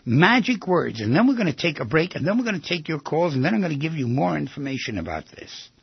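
An older man hosting a radio advice show, talking in an animated way and acting out little scenes in other voices. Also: fairly high pitch, fast talker, gravelly, slightly rough, no echo, muffled recording.

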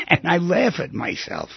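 A man hosting a call-in advice radio show, talking in an animated, emphatic way with storytelling asides. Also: on the high side, unhurried, no room sound. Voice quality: very husky, gravelly voice. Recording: dull, lo-fi radio audio.

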